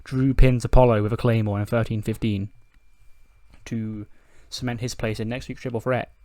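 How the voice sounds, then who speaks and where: A man's voice: medium pitch, flat delivery, moderate pace, dark tone, no room sound. Chatty man commentating a wrestling sim game. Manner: chatty, laughs at himself, reads out scores. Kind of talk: casual let's-play commentary.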